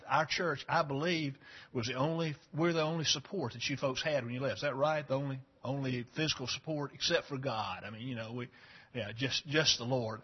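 Pastor, man, husky and a bit breathy, folksy church intro, muffled lo-fi recording. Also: medium pitch. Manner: folksy, halting with many fillers. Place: church sanctuary.

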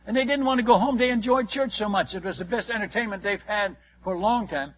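A man who works as a missionary preacher tells a lively anecdote to a listener, exclaiming often and restarting his sentences. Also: sits high, fast talker. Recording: dull lo-fi recording.

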